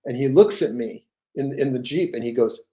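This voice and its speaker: An older man, a guest author, telling stories in a casual interview, animated and rambling with frequent restarts. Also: medium pitch, normal speed.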